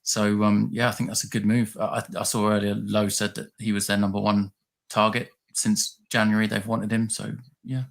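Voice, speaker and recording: A man speaking as a guest pundit in a casual chat over a video call. His voice is lowish, and he halts and repeats words as he works out his point. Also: level tone, gravelly. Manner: halting, repeats words as he thinks.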